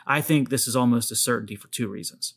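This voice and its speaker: A man hosting his own podcast gives emphatic commentary and speaks straight to his listeners. His voice is medium-pitched, quick, a bit bright, with a breathy edge.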